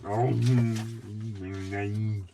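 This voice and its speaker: A man voicing a slow, soft-spoken pink male hippo puppet with a very slow drawl. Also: on the low side, level tone, creaky, noisy background, heavily acted. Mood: dopey.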